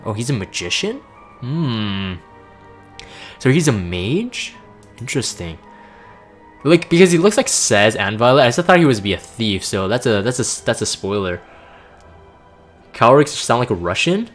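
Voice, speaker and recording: A man's voice: medium pitch, very animated, unhurried, long pauses, soft background music. A man casually commenting between story readings in a laid-back, joking, self-deprecating way. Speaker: channel host reading game story.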